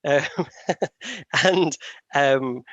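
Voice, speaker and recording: A man's voice: fairly high pitch, extremely slow, a bit bright, no room sound, dull audio. A man hosting a podcast, telling stories in a rambling, self-deprecating way with plenty of fillers and restarts. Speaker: podcast host. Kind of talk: casual conversational podcast chat.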